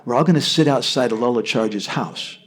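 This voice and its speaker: An American man voicing envious village priests who plot in a hushed, conspiratorial way. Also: mid-range voice, a little fast, breathy edge, close to an everyday voice. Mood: scheming, hushed.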